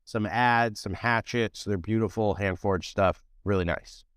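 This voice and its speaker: A man's voice: lowish voice, unhurried, a bit bright, smooth, no room sound, studio quality. A man guesting on a podcast who runs a tool business, talking in an easygoing, self-mocking way. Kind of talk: casual podcast chat.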